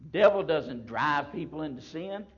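Pastor, male, emphatic sermon delivery with drawn-out stresses; slightly high voice on a muffled recording. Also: lively intonation, slightly rough. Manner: emphatic, repetitive preaching with slow stresses. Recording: dull lo-fi sound.

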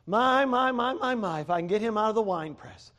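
A man's voice: sits high, expressive, fairly quick, a bit bright, pitched above the performer's own voice. A man preaching who voices an angel urging people on, coaxing and repeating phrases in a sing-song. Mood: admiring.

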